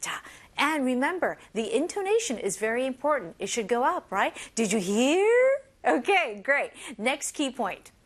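A woman's voice: sits high, very animated, moderate pace, fairly bright tone. A young woman teaching an English lesson, explaining phrases and switching between English and Korean. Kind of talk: bilingual language lesson.

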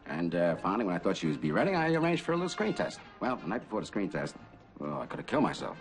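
A brash, chummy agent who rambles on and calls everyone baby. He talks fast with a lively, swooping voice over faint music from the film soundtrack. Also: sits low, exaggerated voice. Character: fast-talking brash male talent agent, middle-aged. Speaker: Hollywood agent character. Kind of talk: film dialogue.

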